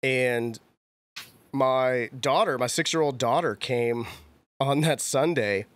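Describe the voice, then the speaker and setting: A man's voice: medium pitch, takes it slowly, dry recording. Thirties male co-host, chatty storyteller, mid-range voice, dry close recording. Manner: chatty storyteller, acts out quotes. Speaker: convention show co-host. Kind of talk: casual podcast chat.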